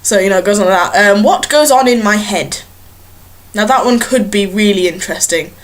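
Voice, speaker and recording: With a mid-range voice and a fairly quick pace, a young woman rambles to camera in her small bedroom. It's a casual vlog chat, and she keeps giggling and teasing herself.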